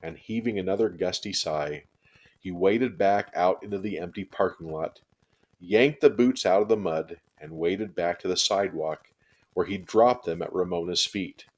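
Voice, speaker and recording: A man with a very deep, low voice reads a children's chapter book aloud. His storytelling is steady and expressive, paced for young listeners. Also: normal speed.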